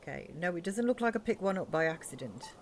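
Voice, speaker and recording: Woman streamer, lowish voice, rambling live-game chat, faint hiss behind. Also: lively intonation, fast talker, darkish tone. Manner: chatty, rambling, thinks aloud with many ums. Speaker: streamer playing a building game.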